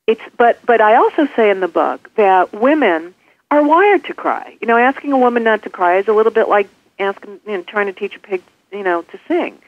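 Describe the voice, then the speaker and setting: A woman executive coach answering interview questions, animated and acting out example phrases. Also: mid-range voice, a little fast. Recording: tinny phone line.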